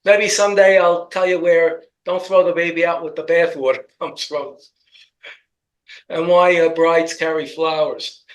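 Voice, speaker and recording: A man's voice: on the high side, steady tone, measured pace, poor audio. A man with a New York accent in casual political commentary, telling rambling stories with jokes. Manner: rambling joking storyteller.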